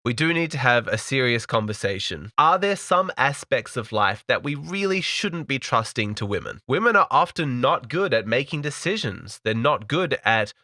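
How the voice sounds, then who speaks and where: Bright-voiced man giving commentary. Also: medium pitch, big pitch swings, dry recording, clean studio sound. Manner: measured, lecturing. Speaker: commentator reacting to clips. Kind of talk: reaction commentary.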